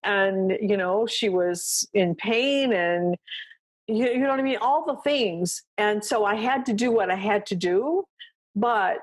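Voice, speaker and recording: On her dog training podcast, a woman walks through a coaching session in a loose, conversational style, her medium-pitched voice running a little slow. She keeps asking "right?" and "you know what I mean?" and plays out brief back-and-forths with her dog, mixing coaching with casual explanation.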